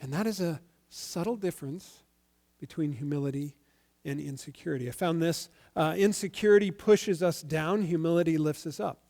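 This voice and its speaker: A male pastor giving a sermon in a conversational, animated storytelling way. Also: on the high side, normal speed.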